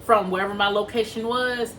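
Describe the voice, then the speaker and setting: A woman's voice: mid-range voice, fairly even intonation, a little fast, fairly bright tone, far from the mic, slight background noise, poor audio. A woman casually tells a personal story to her viewers, talking them through it and acting out what people said. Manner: chatty, addresses viewers as y'all, acts out quoted dialogue. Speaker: vlogger telling a personal story.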